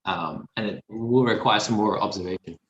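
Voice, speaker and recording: A man with a softened city Australian accent, a guest art instructor answering live questions with meandering, thoughtful explanations full of fillers. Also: lowish voice, normal speed, echoey room, muffled recording. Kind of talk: live painting demo Q&A.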